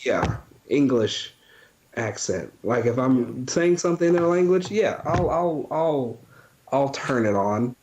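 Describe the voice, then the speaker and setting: A man co-hosting a casual chat show, talking slowly and haltingly, with many pauses and ums. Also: medium pitch, expressive, darkish tone, a little hiss or hum. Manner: slow and halting, hesitant with ums. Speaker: podcast co-host.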